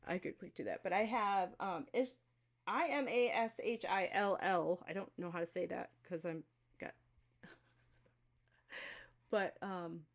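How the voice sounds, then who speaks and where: Woman, live-stream reading host, casual chat with viewers, rambling, filler-heavy, mid-pitched voice. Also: slow, pauses often. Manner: rambling, chatty, with many fillers and restarts. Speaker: intuitive card reader hosting a live stream.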